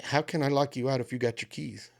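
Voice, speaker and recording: Male co-host, gravelly voice, animated profane storyteller, casual podcast chat. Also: mid-range voice, quick pace.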